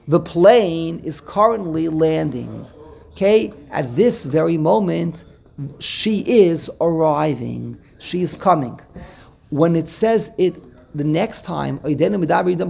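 A man's voice: a little high, gravelly, darkish tone, husky. A man teaching a Torah text lesson, explaining step by step, quoting Hebrew verses and checking in with "okay?". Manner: checks in with "okay?", repeats words while thinking.

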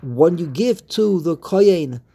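A man with a high, husky voice leads a Talmud study class. He explains each point with lively teasing and sings out the text in a chant. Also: takes it slowly. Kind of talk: Talmud study class, teaching and reading aloud.

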